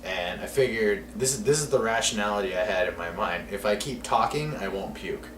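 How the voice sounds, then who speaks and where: A low-pitched man tells a rambling, profanity-laced story on a casual podcast. He sounds set back from the mic in an echoey room with noticeable background noise. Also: a little fast, far from the mic. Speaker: podcast co-host.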